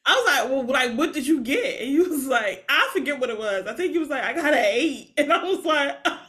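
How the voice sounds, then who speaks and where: Her voice sits high and moves fairly quickly as this young podcast co-host chats casually, spinning animated stories and laughing often.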